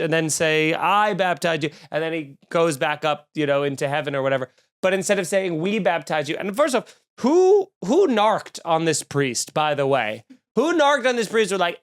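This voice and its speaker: A man hosting a comedy podcast, ranting in a snarky, profane, animated way. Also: on the high side, moderate pace, clear, resonant tone. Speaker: podcast host.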